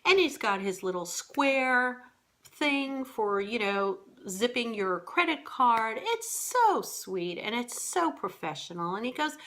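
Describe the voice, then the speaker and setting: A woman vlogger telling a story to camera in a casual, animated, exasperated way. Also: on the high side, slow pace.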